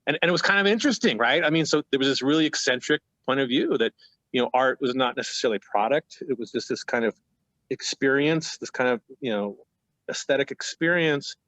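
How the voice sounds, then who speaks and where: A man's voice: mid-range voice, brisk, a bit bright, no echo, low-quality recording. A man in his fifties, a painter on a panel, telling stories in a rambling, self-interrupting way over a video call. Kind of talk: casual panel talk.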